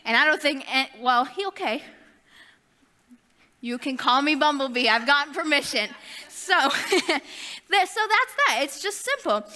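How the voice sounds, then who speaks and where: A young woman delivering a youth sermon in a high, bright voice. She drifts into chatty, self-deprecating asides. Her words echo with a long reverb, as in a large hall. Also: expressive, a little slow, pauses often. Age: young adult. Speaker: youth ministry speaker.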